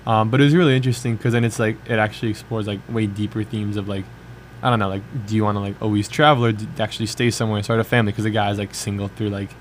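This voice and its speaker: A man's voice: on the low side, steady tone, rapid-fire, slight background noise. A young man co-hosting a college radio show, chatting casually and rambling with lots of filler words. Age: young adult. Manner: rambling, many filler likes, trailing off. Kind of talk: casual chat.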